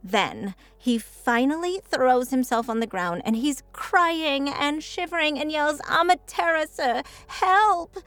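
Woman playing a vain sun goddess, high voice, swooping melody, slow drawl, mocking, audio drama. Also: expressive, no echo. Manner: mocking, theatrical, drawn-out delivery.

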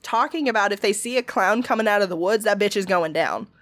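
A woman's voice: medium pitch, a little fast, a bit bright, no room sound. A woman co-hosting a casual podcast, blunt and dramatic, swearing often. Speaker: podcast co-host.

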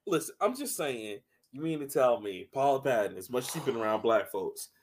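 A man co-hosting a casual podcast chat, joking and animated. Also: mid-range voice, a little fast, slight background noise. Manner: animated, joking, slips into mocking voices. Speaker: podcast co-host.

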